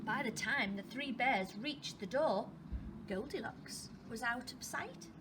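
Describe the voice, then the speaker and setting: A woman teacher reading a storybook to young children, expressive and asking them questions as she goes. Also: on the high side, slow pace, background noise. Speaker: primary school teacher.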